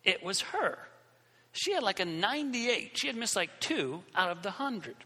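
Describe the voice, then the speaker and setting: Male preacher, storytelling sermon, high bright voice, long hall echo. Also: moderate pace. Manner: animated, acts out scenes with shifting voices.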